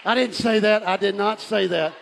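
A man preaching a fervent sermon. He often shouts and laughs as he preaches. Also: high-pitched, normal speed, vocal fry, a little hiss or hum. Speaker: pastor. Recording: live church hall with reverb and faint crowd.

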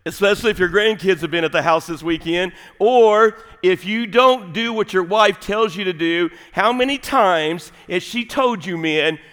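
Middle-aged man preaching a folksy sermon, voice on the higher side, long church reverb. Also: moderate pace, few pauses, clear, resonant tone. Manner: folksy, animated storytelling with sudden drops to quiet, intimate delivery. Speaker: pastor. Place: large church sanctuary.

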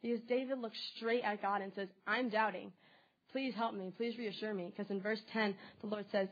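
A woman's voice: medium pitch, fairly even intonation, normal speed. Woman preaching, earnest and chatty, says like a lot, slightly muffled lo-fi sound. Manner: earnest, conversational, with filler "like". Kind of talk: devotional sermon.

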